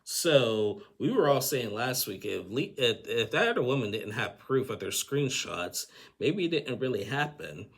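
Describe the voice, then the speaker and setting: A man's voice: medium pitch, big pitch swings, measured pace, vocal fry, a bit bright, husky. A man giving a casual, rambling recap of a TV episode, often restarting his sentences and chuckling. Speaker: TV recap host.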